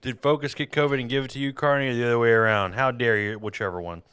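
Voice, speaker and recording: A man's voice: medium pitch, fairly even intonation, quick pace, fairly bright tone, clear, resonant tone, no room sound. A man hosting a podcast in casual chat, rambling and jokey with a self-deprecating streak. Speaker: podcast host.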